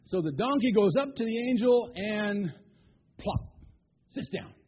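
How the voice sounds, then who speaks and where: A man telling a Bible story in an animated way, asking his listeners questions. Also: high voice, measured pace, husky, highs cut off.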